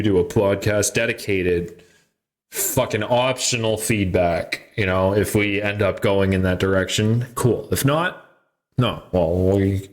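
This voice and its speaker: A man hosting a podcast in casual chat, loose and profane, laughing often. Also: on the low side. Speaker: podcast host.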